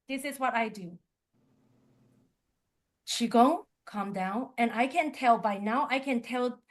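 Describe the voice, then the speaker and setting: Laughing frequently, a high-voiced woman who teaches qigong recounts something from her own life during a workshop. Her English is simple and plain, and she brings energy to the telling by performing each piece of dialogue.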